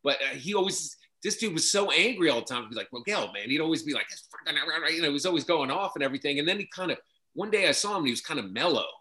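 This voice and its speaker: A man chatting casually as a guest, halting and stopping to restart his sentences. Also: on the high side, lively intonation, bright, forceful tone. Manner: halting, many restarts and fillers. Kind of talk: casual chat.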